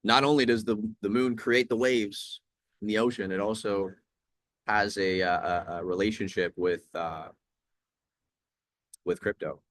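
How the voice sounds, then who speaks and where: A man's voice: lowish voice, fairly even intonation, unhurried, pauses often, a bit bright, no echo, studio quality. A young man hosting a trading livestream, talking in a laid-back, chatty way and reading viewer questions aloud. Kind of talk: casual live-stream commentary.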